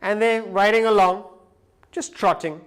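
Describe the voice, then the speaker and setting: A man giving a live lecture who tells a story with animated delivery. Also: sits high, unhurried, clean tone. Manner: animated storyteller, acts out quoted voices. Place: lecture hall.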